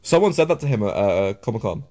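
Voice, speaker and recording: Young English man, podcast co-host, lowish voice, casual storytelling, swears a lot. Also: sing-song, fast, dark tone. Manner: chatty, storytelling, laughs often, swears freely.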